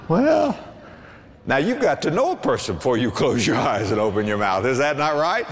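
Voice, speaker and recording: Man, pastor, preaching a sermon, lively pitch, emphatic, long reverb. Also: normal speed. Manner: animated preaching with big pitch swings and emphatic bursts.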